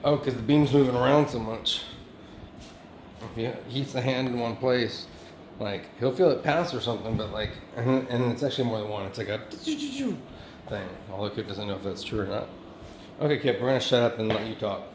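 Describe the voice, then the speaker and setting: A man's voice: mid-range voice, echoey room, a little hiss or hum, poor audio. A man talking in a rambling self-recorded monologue, swearing often and restarting his sentences. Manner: profane, halting, many restarts and fillers. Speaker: vlogger.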